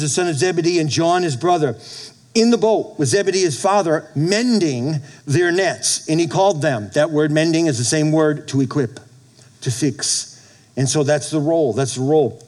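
A middle-aged pastor delivers a sermon with lots of energy, laughing often and acting out short quotes. His voice is fairly high-pitched.

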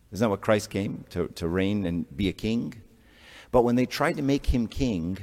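Deep-voiced man preaching in a reverberant church. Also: expressive, brisk, darkish tone. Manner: conversational, rhetorical questions, joking asides. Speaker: priest. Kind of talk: sermon.

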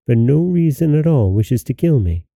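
A man reading a young princess's lines in a gently pleading, lamenting way, with a dark, gravelly voice in a dry recording. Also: mid-range voice, animated, moderate pace, dry recording, voice pushed up. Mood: weary.

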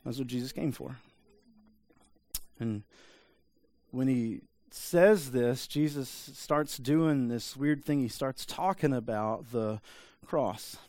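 A man's voice: medium pitch, takes it slowly, long pauses, a little mellow, no room sound. A man preaching a sermon in a conversational way, often adding asides and checking in with the listeners. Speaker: pastor.

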